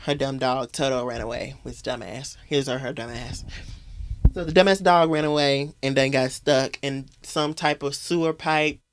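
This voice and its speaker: A sassy podcast host tears through a throwback movie recap, roasting the characters with crude jokes and frequent laughter. The delivery is loose and conversational, pitched at a middle register. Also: normal speed, a little hiss or hum. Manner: sassy, profane, mocking, laughs often.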